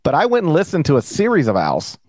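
A middle-aged man co-hosting a sports podcast, talking in a playful, rambling, animated way. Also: fairly high pitch, quick pace, dry recording. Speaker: podcast co-host. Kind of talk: casual sports podcast banter.

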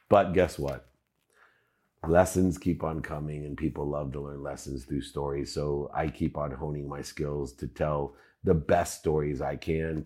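A man with a very low, deep voice talks straight to his viewers. He is reflective and earnest. He strings his points together in steady, measured lists. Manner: measured, earnest, list-like phrasing. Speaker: host of own video channel. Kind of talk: reflective commentary to camera.

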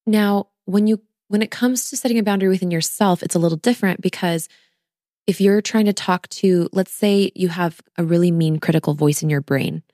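A woman's voice: fairly low pitch, brisk, mellow, dry recording, studio quality. A woman in her thirties hosting a podcast, talking earnestly and directly to her listeners as a postpartum coach. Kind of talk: casual solo podcast talk.

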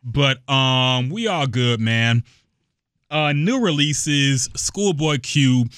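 A man's voice: medium pitch, lively intonation, drawn-out words, a bit bright, smooth, no room sound, clean studio sound. A young man hosting a podcast, talking in casual slang-heavy banter and laughing often. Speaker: podcast host.

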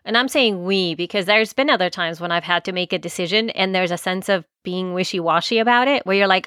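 A woman's voice: mid-range voice, a little fast, fairly bright tone, dry recording, studio quality. A woman co-hosting a casual chat, rambling and hedging as she talks, laughing often. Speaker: podcast co-host.

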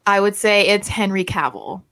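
A woman co-hosting a casual sports podcast over a video call, chatty and quick to laugh. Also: mid-range voice, fairly bright tone, no echo. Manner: giggly, chatty. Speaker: podcast co-host.

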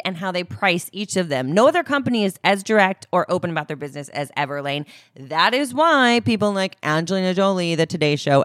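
Woman, lowish voice, breezy banter, dry sound. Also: a bit bright, dry recording. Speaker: podcast co-host. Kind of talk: casual ad read.

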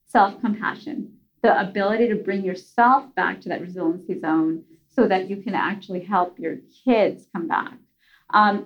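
A woman's voice: on the high side, muffled recording. A middle-aged woman guest on a podcast, telling a story in a chatty, conversational way with many fillers. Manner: chatty, frequent fillers and restarts.

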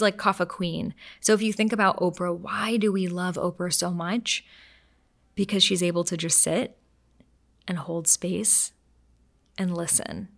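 A woman, an Ayurveda expert, talking in a podcast interview as a lively explainer who acts out quoted voices and changes her pace to show a point. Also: lowish voice, gravelly.

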